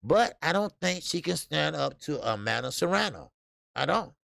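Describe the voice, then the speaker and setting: Gravelly American boxing-stream host. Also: male voice, on the high side, normal speed, no room sound, clean studio sound. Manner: animated, talks straight to chat, many fillers and restarts. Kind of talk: live-stream commentary with chat.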